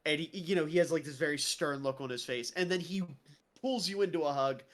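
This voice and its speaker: A man narrating as game master on a livestream, playful and quick to laugh. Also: a little high.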